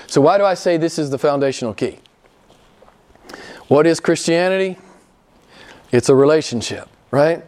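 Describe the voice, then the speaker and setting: A middle-aged pastor preaching a sermon, emphatic and questioning his congregation, jumping high in pitch when he quotes people. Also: normal speed, pauses often, darkish tone. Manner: emphatic, rising high when quoting others.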